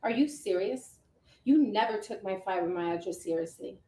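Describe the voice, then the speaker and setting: A woman's voice: mid-range voice, moderate pace, mellow, close to an everyday voice. A woman playing a curt, sarcastic divorced mother in acted drama dialogue. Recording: roomy with faint noise.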